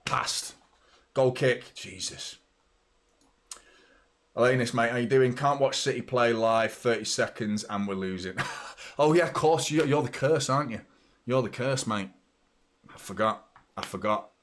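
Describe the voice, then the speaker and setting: A middle-aged man talks through a live match as host of a watchalong. He chats to his viewers, swears freely and breaks off to react loudly to the play. His voice sits at an ordinary pitch for a man. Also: moderate pace.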